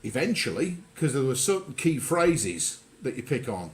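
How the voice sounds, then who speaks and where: A radio show host with a medium-pitched voice full of big pitch swings chats casually at normal speed, with a little hiss or hum in the background. He rambles chattily and often corrects himself mid-sentence.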